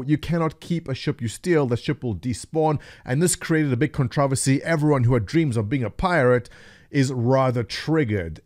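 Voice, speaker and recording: A man's voice: mid-range voice, darkish tone, dry recording. Male gaming news host, mid voice, wry and sarcastic, dry close-mic read. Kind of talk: casual gaming news commentary.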